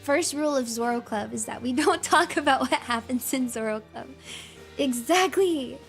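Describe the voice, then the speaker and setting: A fairly high-voiced woman gives excitable livestream commentary, gushing and laughing as she talks, with plenty of "like" and "um". Soft music plays quietly behind her. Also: normal speed, gravelly. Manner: excitable and gushing, laughs often, many fillers. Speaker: streamer.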